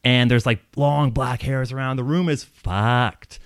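A man's voice: medium pitch, measured pace, clean tone, no echo. A man telling a long personal story in a casual, rambling way, swearing often and laughing as he goes. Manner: profane, rambling, animated, laughs while telling.

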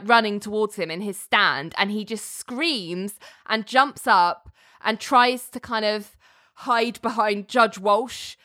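A woman's voice: mid-range voice, sharp tone, no room sound, studio quality. A woman casually recapping a TV episode, chatty and laughing often. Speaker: podcast co-host recapping a TV episode. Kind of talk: casual chat.

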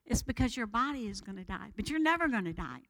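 Lady pastor preaching, high bright voice, gets real animated. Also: fast talker, poor audio. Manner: animated preaching with lively vocal shifts. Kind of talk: sermon.

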